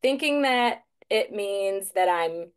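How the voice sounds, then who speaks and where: A woman coach shares a personal story in a relaxed online talk, with a middle-range voice for a woman. She sounds lively and conversational, and she acts out what she used to think to herself. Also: medium pitch, takes it slowly, smooth. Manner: lively, conversational, acts out her own past thoughts. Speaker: guest speaker, mental performance coach.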